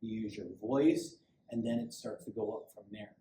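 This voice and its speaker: A man's voice: lowish voice, normal speed, dark tone. A middle-aged man, a police sergeant, giving a loose, conversational safety training talk to a small group and acting out little quotes as he goes. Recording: echoey room, distant mic, faint hiss.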